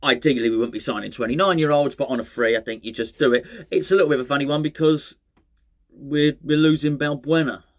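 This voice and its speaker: A man's voice: mid-range voice, fairly even intonation, fast. Chatty man rambling about football. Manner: chatty, rambling, self-mocking asides. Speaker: fan channel host. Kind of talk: casual solo football chat.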